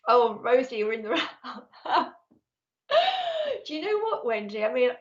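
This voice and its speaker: A woman's voice: fairly high pitch, big pitch swings, slow. A woman working as a psychic medium on a live stream, chatty and affectionate, reading messages from viewers. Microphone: earphones with mic. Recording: slightly dull lo-fi stream audio.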